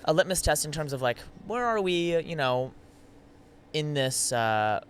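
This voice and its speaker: A man's voice: a little high, lively intonation, measured pace, a little hiss or hum. A man co-hosting a podcast, asking playful, teasing questions in casual chat with rambling restarts. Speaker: podcast co-host.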